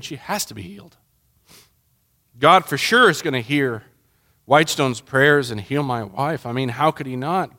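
A man's voice: a little high, pushed and bright. A middle-aged man, a pastor, giving a sermon in a personal, emotional storytelling way that rises into impassioned pleading.

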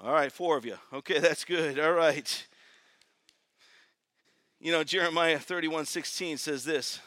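Fervent male preacher, bright voice. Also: fairly high pitch, unhurried, no echo. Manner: builds from quiet to loud, fervent preaching with repeated phrases. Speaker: pastor. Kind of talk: sermon. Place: church.

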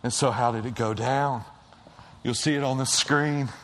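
A middle-aged male pastor preaching a sermon in a church, telling stories dramatically, dropping to a hush and then shouting as he acts out the quotes. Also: medium pitch, steady tone, normal speed. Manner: dramatic storytelling, acting out quotes, swings from hushed to shouting. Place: church auditorium.

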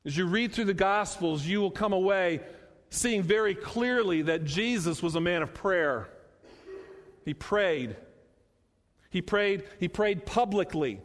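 With lively intonation and a fairly high voice, a male pastor preaches, repeating phrases and slowing down to weigh on the crucial words. Every line is followed by long reverb from a large hall.

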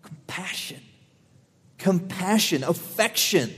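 A young man preaching a sermon, earnest, swelling louder on key lines and dropping softer while telling stories. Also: on the high side, moderate pace. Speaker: pastor. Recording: long hall reverb.

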